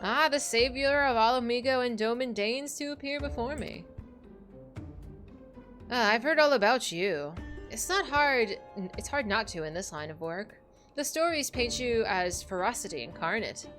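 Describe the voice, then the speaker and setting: A woman's voice: on the high side, animated, moderate pace, fairly bright tone, faint music behind. A woman reading as a sly old woman gang boss. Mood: silky menacing. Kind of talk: reading game dialogue aloud.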